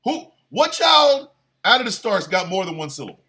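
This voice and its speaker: A man hosting a show, delivering a crude comedic rant with exaggerated, animated bursts of shouting. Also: high-pitched, normal speed. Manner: crude, playful. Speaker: show host.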